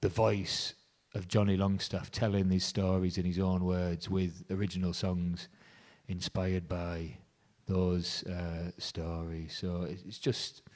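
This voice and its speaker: A folk musician being interviewed, retelling a story with lively quoted dialogue. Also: male voice, deep voice, slow pace.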